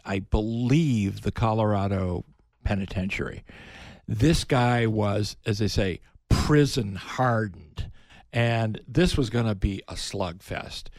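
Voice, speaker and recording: An older man, a veteran broadcaster, telling animated stories in a casual interview, his voice jumping up when excited. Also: no room sound. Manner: animated storyteller, pitch jumps up when excited. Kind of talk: reminiscing in casual conversation.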